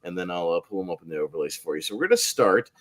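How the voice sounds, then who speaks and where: A man hosting a casual live-stream panel chat, rambling and filling pauses with "uh". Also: low voice, expressive. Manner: rambling, heavy with "uh" fillers. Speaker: host.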